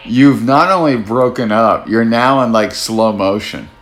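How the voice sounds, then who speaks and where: A man's voice: mid-range voice, measured pace. A man with a New Jersey accent hosting a casual sports podcast, talking in a wry, teasing, easygoing way. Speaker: podcast host.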